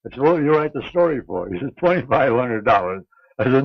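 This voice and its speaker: An older man being interviewed, telling a long anecdote in a halting, unhurried way with many pauses and restarts. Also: medium pitch, expressive, creaky, slightly rough, no echo. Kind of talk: reminiscing anecdote. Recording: dull lo-fi 1950s archive recording.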